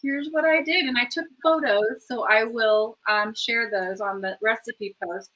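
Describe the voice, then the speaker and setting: A woman's voice: fairly high pitch, measured pace, fairly bright tone, low-quality recording. A woman hosting a home cooking show from her kitchen, chatting in a rambling, enthusiastic way about the food as she cooks. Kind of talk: casual cooking chat.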